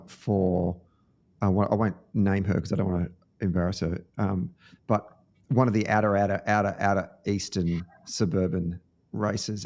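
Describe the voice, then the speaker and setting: Australian male podcast host, low-ish register, earnest anecdotal delivery with fillers and restarts. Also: darkish tone. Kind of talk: casual podcast conversation.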